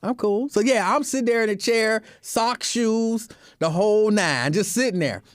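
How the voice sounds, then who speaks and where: Animated high-voiced man telling a story. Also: normal speed, no echo, clean studio sound. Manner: animated, repeats phrases for emphasis. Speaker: host. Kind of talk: casual storytelling monologue.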